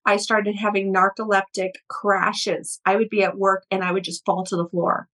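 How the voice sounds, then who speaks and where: A woman's voice: mid-range voice, poor audio. A middle-aged woman, an energy healer, telling personal stories in an interview, full of restarts and quoted voices. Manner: animated, quick, many restarts, quotes people. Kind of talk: conversational storytelling interview.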